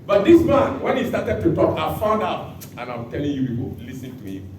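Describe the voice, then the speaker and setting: A man preaching a sermon as pastor, bursting into shouts and acting out the words he quotes. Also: on the high side, normal speed, slight background noise. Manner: animated preaching with sudden shouts and dramatic quotes. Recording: echoey hall from far off.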